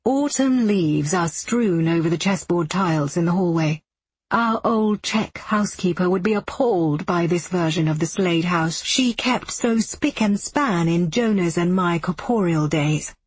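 A woman giving measured, deliberate first-person audiobook narration. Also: fairly low pitch, slightly rough, no echo, low-quality recording.

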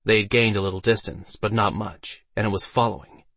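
A man narrating a fantasy audiobook with steady storytelling delivery. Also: on the low side, fairly quick, no echo.

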